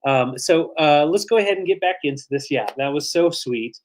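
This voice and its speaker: A man's voice: fairly high pitch, expressive, brisk, slight background noise. Chatty man co-hosting a live sale. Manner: chatty, rambling with fillers, emotional. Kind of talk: live online auction chat.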